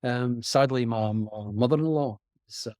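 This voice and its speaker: A middle-aged man with a Scottish accent, a guest actor talking earnestly and haltingly over a video call. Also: mid-range voice, darkish tone, no echo, studio quality. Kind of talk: reflective conversation.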